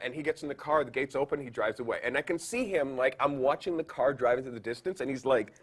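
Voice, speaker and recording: A man from Canada, a podcast guest, telling a story in an animated, casual way full of fillers. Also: mid-range voice, fast talker, few pauses, breathy edge. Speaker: guest photographer.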